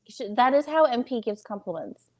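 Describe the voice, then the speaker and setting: A woman's voice: a little high, expressive, a little fast. A woman co-hosting a casual live stream, candid and chatty, laughing at herself. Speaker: co-host.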